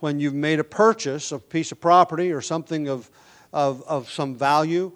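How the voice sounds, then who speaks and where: In his sermon, the pastor's fairly high voice moves at a moderate pace, often dropping quiet and then building to forceful, loud lines. His explanations include some restarted or repeated words.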